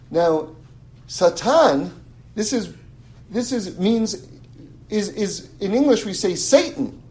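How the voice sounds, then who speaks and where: High-voiced male teacher giving an animated, casual scripture lesson. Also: slow, long pauses, rough recording. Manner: animated, chuckling, repeats words while thinking. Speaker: religious teacher.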